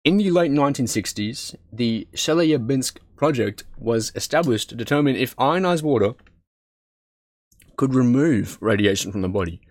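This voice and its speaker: A man's voice: mid-range voice, lively intonation, moderate pace, no room sound, clean studio sound. A man reading text aloud with frequent stumbles and self-corrections, breaking off into casual asides. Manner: stumbles over words, swears and laughs at himself; reads aloud, then breaks into chatty asides.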